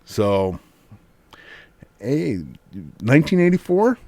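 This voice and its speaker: Animated storytelling man, dry sound. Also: mid-range voice, slow pace, dry recording. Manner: animated storyteller, acts out quotes. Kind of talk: casual chat.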